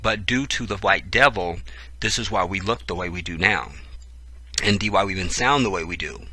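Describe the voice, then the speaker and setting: A man with a low voice reads passages from a book aloud and keeps cutting in with profane, sermon-like commentary. His delivery is tense and forceful, with a hard edge on the words. The recording is dry, with no room sound. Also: moderate pace, no room sound. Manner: profane, preachy asides between read passages. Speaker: channel host.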